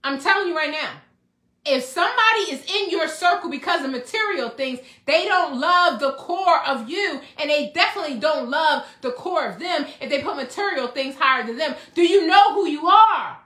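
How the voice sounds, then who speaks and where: A woman giving a motivational self-love talk that sounds like preaching, excitable, with repetition and rhetorical questions. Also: high voice, moderate pace, reverberant. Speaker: self-help speaker.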